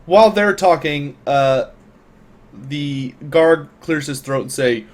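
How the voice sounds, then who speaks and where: A man running a tabletop role-playing game as game master, narrating in a relaxed, chatty way with fillers. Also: on the high side, takes it slowly.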